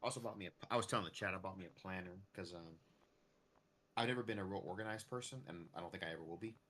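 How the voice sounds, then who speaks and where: A man's voice: low voice, fast, fairly bright tone, a little hiss or hum. An American man streaming a game, chatting casually with lots of fillers and restarts. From United States. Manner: rambling, full of fillers and restarts. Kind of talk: casual chat while streaming a farming game.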